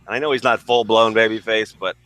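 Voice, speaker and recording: A man's voice: fairly low pitch, fairly even intonation, quick pace, fairly bright tone, no room sound. A man co-hosting a casual wrestling review podcast, wry and easygoing. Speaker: podcast co-host.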